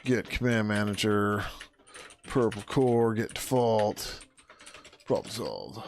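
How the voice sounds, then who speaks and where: A tired man on a casual coding livestream, swearing, laughing and muttering code names as he works, his throat getting hoarse. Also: on the low side, takes it slowly, slight background noise. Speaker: livestreaming programmer.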